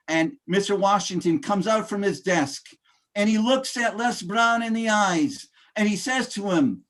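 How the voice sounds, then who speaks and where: Male motivational speaker with a high voice, emphatic, rally-style delivery with frequent pauses and fillers. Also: lively intonation. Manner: emphatic, addresses audience as ladies and gentlemen, fillers. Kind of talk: motivational speech.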